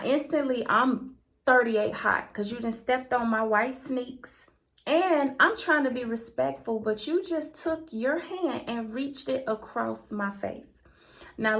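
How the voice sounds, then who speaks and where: A woman with a Southern American accent, from the Deep South, telling a personal faith story in a conversational, earnest way. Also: fairly bright tone. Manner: conversational and earnest, with colloquial turns of phrase. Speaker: channel host.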